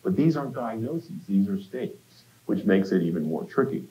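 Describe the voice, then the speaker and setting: A man's voice: fairly low pitch, expressive, moderate pace, lo-fi sound. A man giving a university lecture in a conversational way, speaking directly to the students with quips. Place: lecture hall. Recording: echoey lecture hall.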